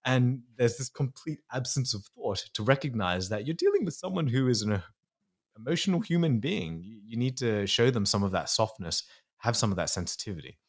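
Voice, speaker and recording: A man's voice: medium pitch, very animated, fairly quick. A man, a psychologist explaining things earnestly in a podcast interview. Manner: earnest, explanatory, slips into acting out inner voices. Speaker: psychologist guest.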